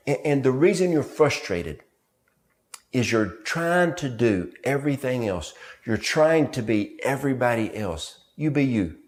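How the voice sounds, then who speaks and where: Low-voiced man preaching through stories. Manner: storytelling with family anecdotes; repetitive, rhythmic emphasis. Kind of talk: sermon.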